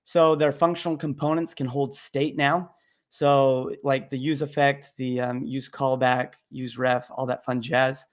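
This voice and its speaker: A man's voice: medium pitch, little pitch movement, unhurried. A young man hosting a casual live question-and-answer stream about coding, talking bluntly and jokingly with plenty of fillers.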